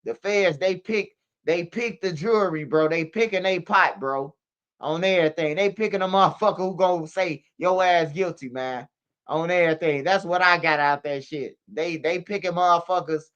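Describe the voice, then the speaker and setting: A man's voice: a little high, moderate pace, fairly bright tone, clean tone, dull audio. A man hosting a casual street news commentary stream, slangy and emphatic, ending lines with "bro" and "man". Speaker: commentary channel host. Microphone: streaming setup microphone.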